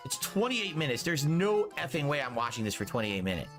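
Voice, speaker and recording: A middle-aged man streaming, lecturing his viewers in a preachy, drawn-out way and repeating his warnings. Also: on the high side, big pitch swings, music in the background. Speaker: live streamer.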